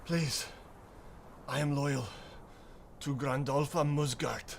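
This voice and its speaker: A man's voice: medium pitch, steady tone, very slow, a little hiss or hum. A man voicing a frightened male duergar soldier who begs for mercy and offers his help. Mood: pleading. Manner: desperate, pleading.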